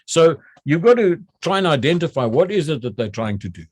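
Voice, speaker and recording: Older retired officer, reminiscing, restarts often, raised-pitch voice, dry close recording. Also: male voice, very animated, brisk, breathy edge, no room sound. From South Africa. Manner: repeats words when starting, acts out shouted drill calls. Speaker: retired general interviewee. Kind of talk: recounting memories.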